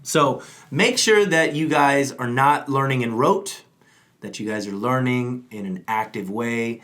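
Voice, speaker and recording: A man co-hosting a chat about acting, explaining in an energetic, conversational way and often checking in with "right?". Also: medium pitch, measured pace. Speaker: acting coach and co-host. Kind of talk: casual instructional chat.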